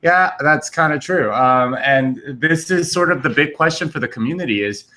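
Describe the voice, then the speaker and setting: A man's voice: on the high side, normal speed, pushed and bright. A man on a remote livestream panel, chatting casually and thinking aloud with many hesitations.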